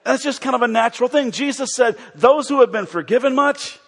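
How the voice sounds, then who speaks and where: A middle-aged man preaching a sermon as a pastor, moving from loud, excited emphasis to soft, quiet storytelling. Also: extremely high pitch, brisk, slightly rough. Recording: long hall reverb.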